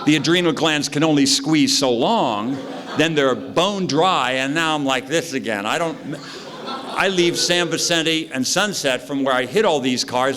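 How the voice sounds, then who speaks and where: A man speaking at an AA meeting, telling a loose, animated personal story with sound effects. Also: a little high. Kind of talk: recovery story told to a meeting.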